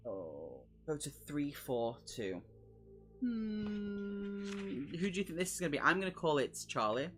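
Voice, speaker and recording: A man's voice: fairly high pitch, big pitch swings, a little slow, fairly bright tone, faint music behind. A man streaming a live playthrough, reading a horror gamebook aloud and chatting jokily with his viewers between passages. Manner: chatty, jokey, talks to chat between passages. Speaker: streamer host.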